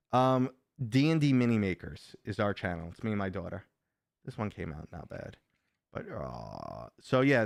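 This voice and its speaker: A man's voice: medium pitch, creaky, clear, resonant tone, dry recording, studio quality. A middle-aged man chatting casually on a live stream, rambling and joking while reading viewers' comments aloud.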